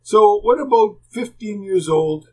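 A man's voice: high voice, lively intonation, a little slow, warm tone, slightly rough, poor audio. An older man, a former hockey player rambling through plainspoken anecdotes as a podcast guest. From Canada. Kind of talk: casual storytelling.

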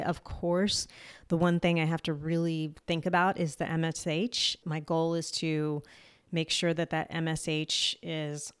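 A woman's voice: lowish voice, clean tone, dry recording, clean studio sound. A young adult woman with a New Jersey accent hosts a solo podcast, talking candidly and casually, swearing lightly and laughing at herself. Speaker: podcast host. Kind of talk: solo health podcast monologue.

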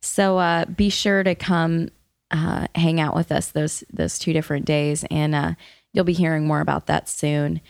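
A woman's voice: deep voice, little pitch movement, measured pace, gravelly, darkish tone, no echo, studio quality. A woman co-hosting a church podcast, giving chatty, upbeat announcements with frequent giggles. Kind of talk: casual podcast chat, announcements.

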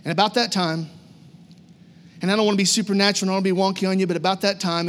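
Pastor guy, really high voice, chatty storytelling sermon, lots of repeating, big echo. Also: racing, slight background noise. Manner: animated, repetitive, conversational storyteller.

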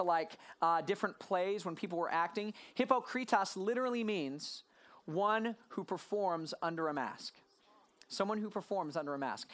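A pastor preaching a sermon to a live congregation, talking in a sarcastic way with quick asides. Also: mid-range voice, fairly bright tone.

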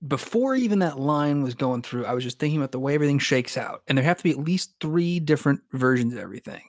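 A man with an average-pitched voice works through a timeline theory in casual podcast chat. He speaks quickly, with some restarts, and the recording is dry and close. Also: lively intonation, no room sound. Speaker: podcast co-host.

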